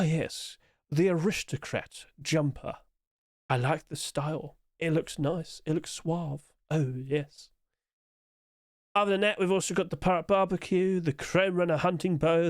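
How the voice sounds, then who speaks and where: Guy, upbeat rambling skins commentary, slightly high voice, chuckles often. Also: no room sound, clean studio sound. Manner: chatty, rambling, chuckles to himself; quick-talking, trying to rush through. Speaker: game skin commentator. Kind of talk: casual solo commentary.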